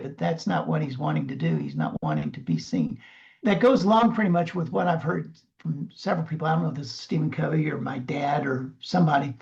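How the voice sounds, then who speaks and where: Gravelly-voiced man in earnest chat. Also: on the high side, darkish tone, muffled recording. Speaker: podcast co-host. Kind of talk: casual podcast recap chat.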